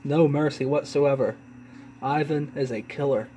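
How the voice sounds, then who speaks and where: A man with a stuffy, congested voice talks casually while he films his animals in a dim room at home. His pitch sits in the middle for a man, and he chats in a relaxed way with small apologies along the way. A faint hum of room noise sits behind him. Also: measured pace. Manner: relaxed, chatty, apologetic asides. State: congested from illness. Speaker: pet keeper filming his animals. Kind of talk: casual narration while filming. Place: home, dimly lit room with tanks.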